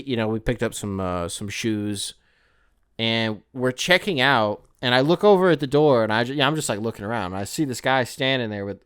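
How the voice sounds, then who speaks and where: A man's voice: medium pitch, fairly bright tone, clear, resonant tone, dry recording, studio quality. A man from the Detroit area hosting a podcast, telling a casual story that rambles, with plenty of fillers and swearing. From Detroit area, Michigan. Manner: rambling, profane, lots of fillers. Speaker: podcast host.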